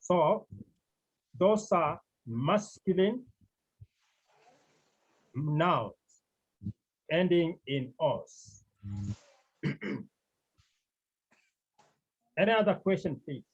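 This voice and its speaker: A man teaching a Greek class, speaking slowly and deliberately, repeating key words and often clearing his throat. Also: on the high side, lively intonation. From Cameroon. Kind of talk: classroom lecture. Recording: dull lo-fi recording.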